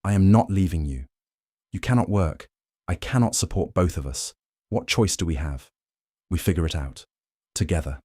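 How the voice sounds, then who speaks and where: A man's voice: low-pitched, moderate pace, darkish tone, no room sound, studio quality. Stubborn hurt young worker, read by a man. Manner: strained, stubborn.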